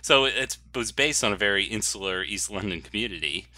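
A man's voice: fairly low pitch, expressive, fairly quick, sharp tone. A man co-hosting a movie podcast in casual chat, wry and teasing. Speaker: podcast co-host.

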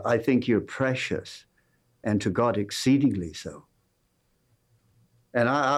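A man's voice: on the low side, a little mellow. A man with an English accent, a pastor preaching a sermon and telling a personal story with dry humor and earnest appeals to his congregation. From England.

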